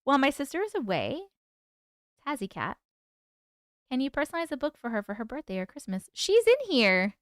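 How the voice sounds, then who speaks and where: A woman's voice: high voice, sing-song, a little fast, pauses often, dry recording, clean studio sound. A woman hosting a casual livestream chat, greeting viewers by name, reading their comments aloud and laughing often. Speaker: livestream host.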